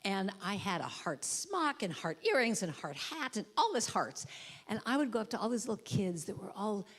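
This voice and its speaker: A woman speaking at a church service, giving a playful inspirational talk and acting out quotes in high, comic voices. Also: sing-song, normal speed, a bit bright. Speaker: guest speaker and musician. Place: church sanctuary. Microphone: handheld or headset mic with trouble.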